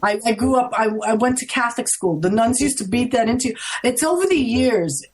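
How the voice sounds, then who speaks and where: A woman's voice: brisk, breathy edge. A woman with a New York accent, a guest in an interview, telling her stories in a chatty way and acting out what people said. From United States. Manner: chatty, acts out quoted lines with lively pitch jumps. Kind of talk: casual interview storytelling.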